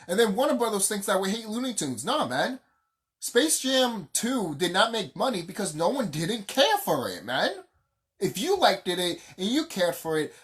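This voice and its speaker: Profane vlogger ranting with swinging pitch. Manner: profane, heated and emphatic, repeats phrases for stress. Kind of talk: casual unscripted rant.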